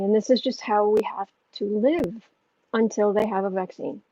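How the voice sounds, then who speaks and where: A woman's voice: medium pitch, moderate pace, dark tone, no room sound. Blunt, opinionated woman tarot livestreamer. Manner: blunt, opinionated, rambling with restarts. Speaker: tarot reader and channel host. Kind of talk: livestream reading viewer questions. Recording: dull lo-fi audio.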